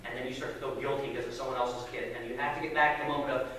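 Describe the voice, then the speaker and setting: A man preaching, telling a family story with lively acted-out voices. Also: mid-range voice, rapid-fire, few pauses, slight background noise. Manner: animated storyteller acting out voices. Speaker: pastor. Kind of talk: sermon storytelling. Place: church sanctuary. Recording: echoey hall from far off.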